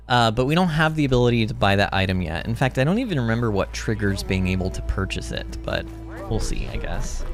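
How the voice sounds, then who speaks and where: A man hosting a gaming livestream, chatting in a rambling, animated way, reading chat and laughing often. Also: on the high side. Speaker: livestream host. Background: game music.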